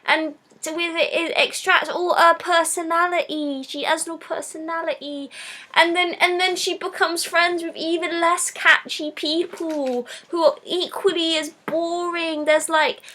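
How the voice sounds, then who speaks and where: A woman's voice: extremely high pitch, steady tone, unhurried, pushed and bright. A woman hosting a live stream, giving a blunt, sarcastic, casual film review.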